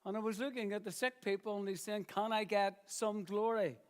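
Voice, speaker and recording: A man with a high voice preaching in church. He speaks earnestly and stretches out key phrases with slow pauses, repeating them for emphasis. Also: fairly even intonation, clear, resonant tone. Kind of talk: sermon.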